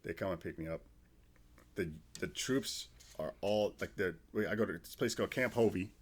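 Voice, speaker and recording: Brief: low-voiced man in his 40s, army veteran guest, swears freely while spinning casual podcast stories. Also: moderate pace, slightly rough. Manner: loose, profane storytelling with restarts. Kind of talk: casual storytelling podcast chat.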